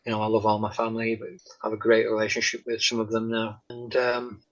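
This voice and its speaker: A man, a guest telling his faith testimony in an interview, halting with many pauses and "um"s and often dropping to a soft tone. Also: on the low side, monotone. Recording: dull lo-fi sound.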